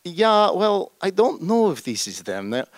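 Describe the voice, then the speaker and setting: A man putting on the voice of a nervous male professor colleague, hesitant and high-pitched. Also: big pitch swings, a little slow, dry recording, full character voice. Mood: hedging.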